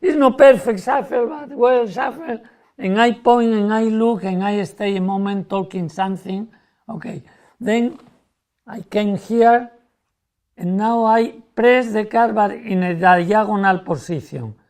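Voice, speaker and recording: A man, a magician, explaining a card trick in lively, broken English and acting out how spectators react. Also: high-pitched, a little slow.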